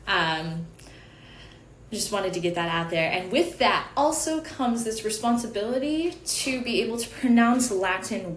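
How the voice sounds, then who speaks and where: A woman teaching a chant lesson in a chatty, casual way, correcting herself as she goes and dropping in small apologies. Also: mid-range voice. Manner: chatty, self-correcting, with little laughs and apologies. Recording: echoey room with faint background hum.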